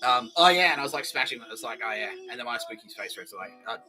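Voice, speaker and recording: An Australian man hosting a podcast, telling a rambling story full of swearing and laughing. His pitch swings widely as he talks. Music plays clearly in the background. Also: fast, rough recording. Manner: profane, animated, laughing storyteller. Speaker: podcast host. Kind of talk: rambling comedic monologue.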